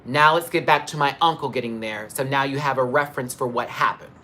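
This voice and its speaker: A man's voice: mid-range voice, brisk, pushed and bright, slight background noise. Guy doing a fired-up storytime rant on his phone live, cussing, dramatic. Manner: emphatic, swearing, dramatic retelling. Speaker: livestreamer.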